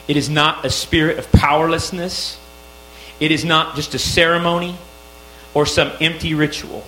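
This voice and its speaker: A man's voice: fairly high pitch, fairly even intonation, moderate pace, bright, forceful tone. A male pastor preaching a sermon, emphatic and rising on key phrases. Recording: echoey room with mains hum.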